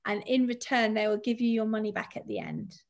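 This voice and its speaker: Lady financial adviser, slightly high voice, talks it through with ums. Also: brisk. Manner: explanatory, steady, thinks aloud with fillers. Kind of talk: presenting a finance talk.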